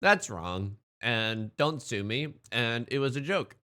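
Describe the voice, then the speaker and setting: A man's voice: medium pitch, expressive, takes it slowly, pushed and bright. A man chatting casually on a live stream, greeting viewers and talking while he eats. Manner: upbeat, greets chatters, talks while eating.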